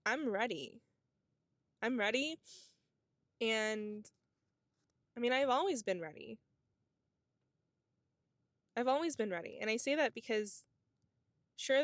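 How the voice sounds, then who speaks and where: Studio-quality and echo-free, the recording carries a fairly bright voice on the high side. A vlogger in her twenties talks to camera, reflecting casually and spiritually, with frequent "like" and "you know."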